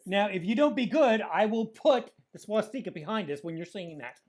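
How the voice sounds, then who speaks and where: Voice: medium pitch, expressive, brisk, darkish tone, a little hiss or hum. A drag show host in casual banter, campy and teasing, calling people darling and baby.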